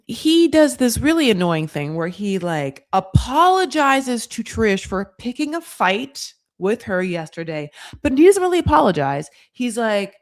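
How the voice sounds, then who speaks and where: An American woman hosting a reality TV recap in casual talk, blunt and profane, with sarcastic rants, many fillers and quick asides. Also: on the high side, big pitch swings. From United States.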